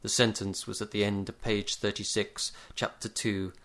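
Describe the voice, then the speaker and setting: A man narrating a comic short story in a dry, measured deadpan. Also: lowish voice. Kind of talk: story reading.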